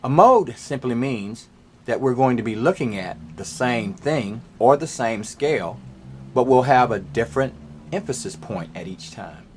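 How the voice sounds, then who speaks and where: A man's voice: medium pitch, animated, a little slow, a little mellow, slight background noise. A man teaching a music lesson, patiently explaining scales step by step. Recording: faint piano playing behind.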